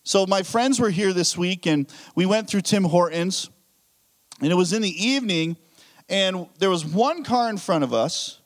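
Lively high-voiced man preaching a sermon. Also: normal speed. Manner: animated storytelling with acted-out inner thoughts. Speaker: pastor.

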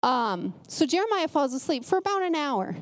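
A woman preacher giving a conversational sermon, telling stories in an animated way with a pace that speeds up and slows down. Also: high voice. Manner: animated storytelling, shifting pace.

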